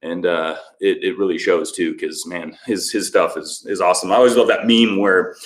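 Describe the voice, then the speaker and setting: A man's voice: deep voice, steady tone, moderate pace. A man hosting a fitness livestream, chatting casually and upbeat as he greets viewers by name and reads their comments aloud. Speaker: fitness show host. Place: home workout space. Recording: echoey room.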